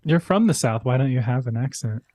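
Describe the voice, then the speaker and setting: A joking, easygoing man co-hosts a casual talk show and reads viewer comments aloud. His voice is dark and mellow. The sound is dry, with no room echo. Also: mid-range voice, expressive, brisk. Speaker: co-host reading viewer comments. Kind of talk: casual chat.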